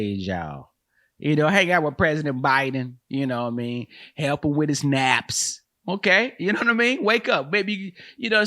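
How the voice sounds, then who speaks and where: A man's voice: a little high, sharp tone. A man hosting a comedic solo commentary, loose and slangy, who keeps calling listeners man and bro and laughs at his own jokes. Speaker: host and comedian.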